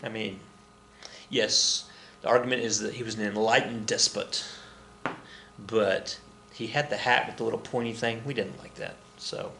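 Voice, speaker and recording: A man's voice: lowish voice, fairly even intonation, moderate pace, gravelly, pauses often, pushed and bright, a little hiss or hum. A man teaching history in a rambling, joking way, often correcting himself as he goes. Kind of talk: recorded classroom lecture. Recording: roomy echo with faint ambience.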